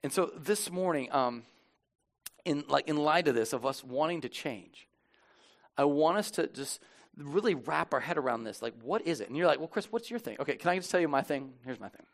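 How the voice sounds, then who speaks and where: A middle-aged man preaching a sermon as pastor, chatty and self-deprecating, with many restarts, turning quiet and solemn for communion. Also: a little high, expressive, moderate pace, gravelly. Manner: conversational, self-deprecating, with frequent restarts and fillers.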